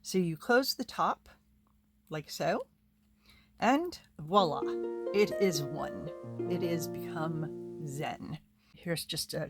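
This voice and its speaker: A woman's voice: deep voice, creaky. A woman hosting a casual nail polish tutorial, chatty and rambling, with self-deprecating asides as she demonstrates.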